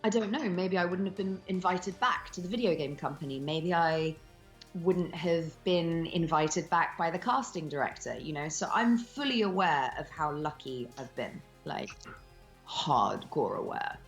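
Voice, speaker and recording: A woman's voice: fairly low pitch, normal speed, soft background music. A woman in her thirties, an actress talking candidly in an interview, frank and swearing freely between ums. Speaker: actress and voice actor guest.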